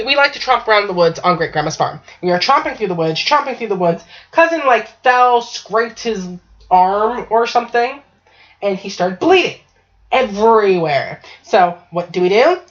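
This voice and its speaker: A woman's voice: mid-range voice, animated, measured pace, a bit bright. A woman host telling a story in casual chat, swearing freely and often asking 'right?'. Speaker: podcast host. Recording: dull lo-fi online call audio.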